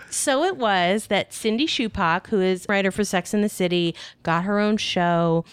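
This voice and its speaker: Brief: woman storyteller, chatty and animated, conversational fillers, close dry recording. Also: moderate pace, hardly any pauses, clean tone, dry recording. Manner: animated, voices quoted people with big pitch jumps. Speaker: podcast storyteller. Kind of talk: casual personal storytelling.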